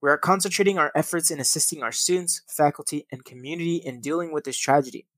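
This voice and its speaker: A man's voice: fairly high pitch, fast, a bit bright, dry recording. Young man reading news with casual swearing. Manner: swears often, laughs at own slips. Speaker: podcast host.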